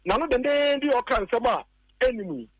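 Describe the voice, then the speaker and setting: On a radio show, a high-pitched Ghanaian political commentator argues insistently and keeps circling back to repeat his points. He is animated and brisk. The rough recording sounds dry and close, with no echo or room around it.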